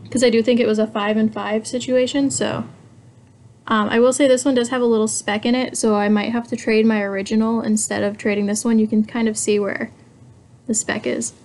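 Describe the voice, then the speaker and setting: A young woman talks her way through an unboxing, musing aloud in a casual, chatty way. She is quick to get excited and gushes over what she finds. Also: on the high side. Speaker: hobby vlogger.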